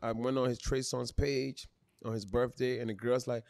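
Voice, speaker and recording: A man hosting a podcast in boisterous, profane casual chat, mimicking others in quick voices. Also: mid-range voice, little pitch movement, vocal fry, a little mellow, no room sound. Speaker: podcast host.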